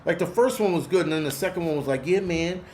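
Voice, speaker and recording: A man's voice: on the high side, lively intonation, racing, a little mellow, a little hiss or hum. Profane rambling man in his forties. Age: 40s. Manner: profane, rambling, talks back to chat. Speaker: host. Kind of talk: casual livestream rant.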